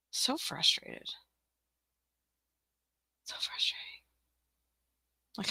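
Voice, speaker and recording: A woman leads a casual tutorial, chatty and a little scattered, trailing off into muttered asides. Her voice sits low with a gravelly edge and a bright, forceful ring. It is recorded dry and close, with no room sound. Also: no echo. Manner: chatty, scattered, frequent ums and self-corrections, mutters asides. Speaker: teacher-seller running a tutorial livestream. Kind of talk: casual screen-share tutorial.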